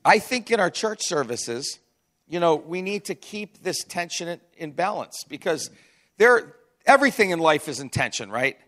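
A man's voice: fairly high pitch, very animated, normal speed, fairly bright tone. A man preaching a sermon as pastor, in a chatty, conversational way with frequent asides and restarts.

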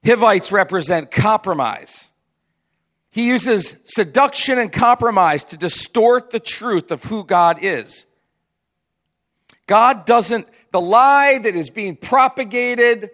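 A man's voice: high voice, lively intonation, takes it slowly, fairly bright tone. A man preaching a sermon as pastor, in a chatty, conversational way with frequent asides and restarts.

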